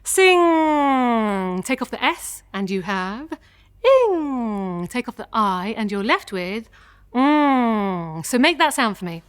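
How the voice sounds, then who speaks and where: A woman teaching a vocal warm-up lesson, giving clear instructions with encouragement and showing each sound herself. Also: mid-range voice, animated, measured pace. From England. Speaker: singing teacher.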